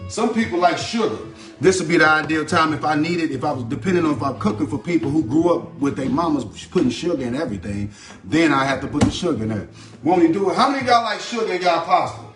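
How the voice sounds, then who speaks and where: A man's voice: fairly high pitch, animated, quick pace, faint music behind. Chatty man cooking in an echoey kitchen. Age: adult. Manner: loose and chatty, repeats a catchphrase, greets commenters. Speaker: home cooking host. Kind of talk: casual live cooking stream, chatting to viewers. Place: home kitchen.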